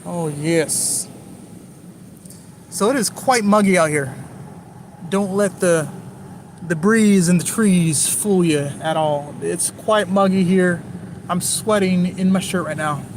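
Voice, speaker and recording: Driving around town, a man speaks slowly in a high voice, with frequent pauses and a little hiss or hum in the recording. He keeps up a rambling, jokey, nonstop chat with his live-stream viewers from the car.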